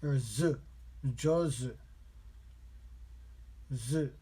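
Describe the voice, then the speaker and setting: Husky man repeating practice phrases. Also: medium pitch, extremely slow, dark tone. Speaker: language learner vlogger. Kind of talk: casual self-taught lesson vlog.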